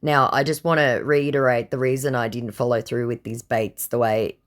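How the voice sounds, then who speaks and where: A vlogger with a bass voice recounts her scam-bait chats to camera in casual storytelling, her intonation fairly even and her speed normal. Tired from the heat, she tells the story in a blunt, sarcastic, exasperated way.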